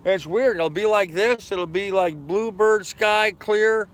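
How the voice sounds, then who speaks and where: A sleepy man in his fifties, yawning on a live stream aboard his anchored sailboat, goes through viewers' comments in a slow, high-pitched voice. He rambles in an easygoing, casual way, like the sailing vlogger he is.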